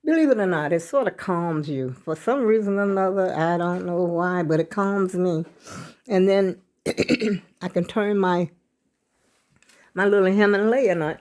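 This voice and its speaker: An older woman rambles in a folksy, chatty way, speaking straight to the people watching. Her voice sits low, and a scratchy throat roughens it and keeps breaking into coughs. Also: darkish tone. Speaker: vlogger. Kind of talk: casual chat to viewers.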